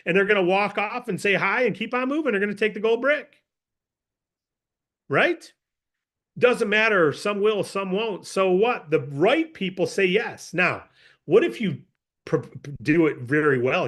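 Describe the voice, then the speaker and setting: A man's voice: high-pitched, moderate pace. A man training a sales team, talking with energy and acting out scenarios. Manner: animated, acts out sales scenarios. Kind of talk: motivational sales talk.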